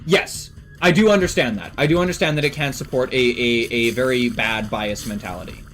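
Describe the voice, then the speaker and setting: A man's voice: medium pitch, fairly quick, fairly bright tone, faint music behind. A man from Canada streaming and chatting casually with his viewers, blunt and emphatic with plenty of swearing.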